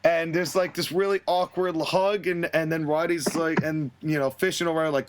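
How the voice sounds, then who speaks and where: A man's voice: a little high, steady tone, moderate pace, a little hiss or hum. A man hosting a podcast, animatedly recapping a wrestling storyline and acting out the characters' quotes in shifting voices. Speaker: podcast host. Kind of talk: casual recap of a fantasy wrestling booking.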